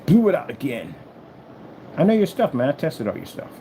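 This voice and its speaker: In a boastful vlog, a man demos his product at a moderate pace, with a crowd audible behind him. He taunts and trash-talks a rival, repeating his jabs and swinging between loud and low in an animated way.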